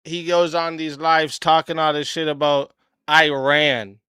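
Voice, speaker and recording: A man streaming, his voice worn hoarse from yelling, ranting in a blunt, profane, confrontational way. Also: on the high side, little pitch movement, a little slow, no echo, clean studio sound. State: hoarse, voice nearly lost. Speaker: streamer and host. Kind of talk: ranting livestream talk. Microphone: desk mic, no headphones.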